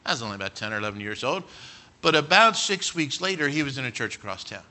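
A middle-aged male pastor preaching a sermon, telling stories and swinging from quiet asides to loud near-shouts. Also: mid-range voice, sing-song, fast talker.

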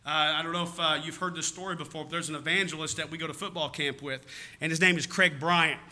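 A man's voice: a little high, fairly even intonation, fast, sharp tone. A man with a Southern American accent preaching a sermon in a folksy, rambling way, often calling out "amen?" to his church. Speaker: pastor.

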